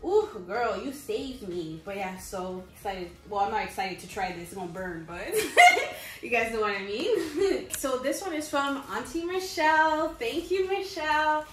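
A young woman chatting excitedly through a baby gift haul, calling her viewers "mates". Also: on the high side, normal speed, hardly any pauses. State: pregnant, briefly out of breath. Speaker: vlogger. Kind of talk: casual haul vlog. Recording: echoey room.

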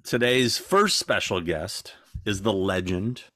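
This podcast co-host has a mid-range voice, talks at normal speed, and there's a slight hiss or hum. Chatting casually, he spins animated, profanity-laced stories and mimics the voices of the people in them.

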